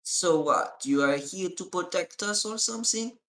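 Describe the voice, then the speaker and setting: A man's voice: sits high, expressive, normal speed, a bit bright, echoey room, voice pushed up. A man voicing a small, perceptive male goblin who questions people suspiciously.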